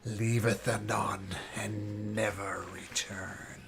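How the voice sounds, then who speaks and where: A man voicing a strange ancient male entity that speaks slowly in an archaic, hushed way. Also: fairly low pitch, level tone, vocal fry, music in the background. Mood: menacing. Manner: archaic speech, slow and hushed.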